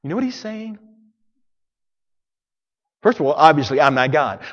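A man's voice: a little high, sing-song, moderate pace, pauses often, highs cut off. Preacher man in a reverberant hall. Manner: dramatic, swings from loud to hushed. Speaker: pastor. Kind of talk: sermon.

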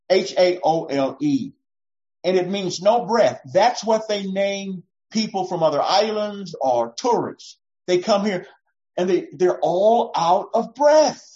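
An older male pastor delivers a folksy sermon, pitch rising and falling a lot. He jokes at his own expense and teases the congregation. The sound is dull and lo-fi. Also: darkish tone.

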